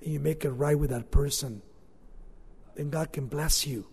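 A male preacher tells a Bible story in an informal way, his loudness swinging from forceful to hushed. His voice sits high. The sound rings in a hall with a long reverb. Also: steady tone, normal speed, slightly rough. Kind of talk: sermon.

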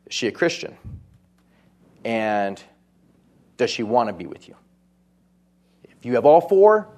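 A pastor preaching a sermon in a conversational way, with asides and quoted voices. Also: male voice, lowish voice, a little mellow.

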